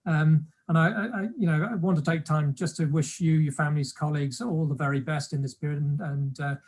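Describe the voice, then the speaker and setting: An executive giving opening remarks on a video call, halting and repeating words. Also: medium pitch, fairly even intonation, darkish tone. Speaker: webinar speaker, industry executive. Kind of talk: opening remarks of a business talk.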